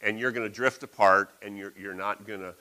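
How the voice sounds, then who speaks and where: Middle-aged male preacher, folksy, animated, bright tone. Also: fairly low pitch, a little fast, low-quality recording. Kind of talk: sermon.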